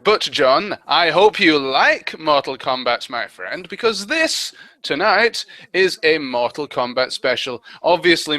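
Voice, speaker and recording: A man's voice: on the high side, pushed and bright, dry recording. A man co-hosting a casual fan commentary on an old TV show, playful and sarcastic. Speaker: commentary co-host.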